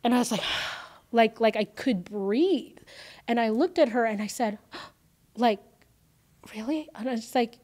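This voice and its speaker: As an interview guest, this woman recounts an emotional story from her own life, animatedly acting out quotes amid plenty of fillers. Her voice is a little high, at a moderate pace.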